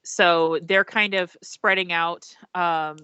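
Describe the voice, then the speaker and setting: A woman narrating as game master over a video call, describing scenes with frequent pauses and restarts. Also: on the low side, steady tone, bright, forceful tone, smooth, no echo. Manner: hesitant, many ums and restarts while describing scenes. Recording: dull lo-fi call audio.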